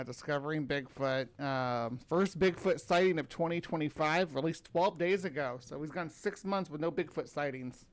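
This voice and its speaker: Halting, higher-voiced male podcast host. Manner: rambling, halting, filler-heavy. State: tired, yawning. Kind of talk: casual chat.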